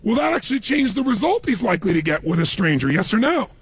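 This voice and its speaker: A man giving a motivational seminar talk, telling stories in an animated way and acting out other people's lines. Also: sits high, fast, slightly rough. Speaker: motivational speaker.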